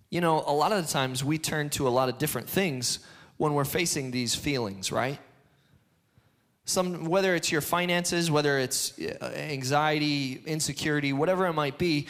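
A man preaching a sermon, lively and repetitive, acting out the voice of fear in his head. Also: high-pitched. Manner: animated, acts out an inner voice, repeats phrases.

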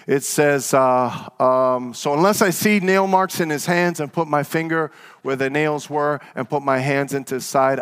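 A man preaching a sermon as pastor, telling stories and calling on the congregation for an amen, at times rising into loud, fervent exhortation. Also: clean tone. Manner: fervent preacher with call-and-response; rises to loud, high exhortation.

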